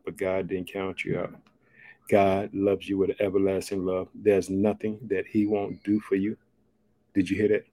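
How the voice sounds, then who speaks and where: A man's voice: low voice, monotone, moderate pace, mellow, no room sound. A man hosting a podcast and preaching an encouraging sermon, repeating short rallying phrases. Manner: repetitive call-and-response phrases, exclamatory.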